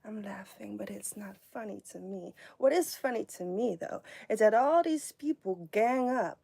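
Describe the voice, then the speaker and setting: A woman's voice: mid-range voice, expressive, moderate pace, vocal fry, warm tone, breathy edge, no room sound. A woman talking to viewers on a live stream, mocking and sarcastic, sometimes dropping to a whisper. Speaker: livestreamer.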